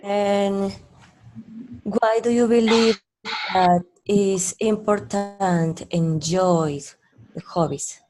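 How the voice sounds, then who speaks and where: A woman's voice: medium pitch, fairly even intonation, very slow, darkish tone, low-quality recording. A woman student, speaking English politely and tentatively.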